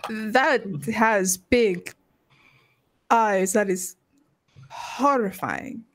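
A woman playing a tabletop game, reacting in an animated, expressive way. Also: medium pitch, drawn-out words. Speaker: player. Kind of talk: casual tabletop game chat.

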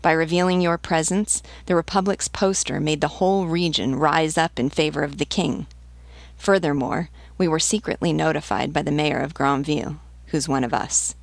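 Dutiful peasant lieutenant in an audiobook, read by a woman, low gravelly voice. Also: fairly even intonation, normal speed, no echo. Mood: earnest. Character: loyal eager male peasant rebel leader.

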